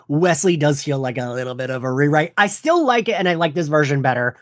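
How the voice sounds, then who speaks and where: A podcast co-host chatting casually about a TV episode, animated and full of quick asides. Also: medium pitch, slight background noise. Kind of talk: casual chat.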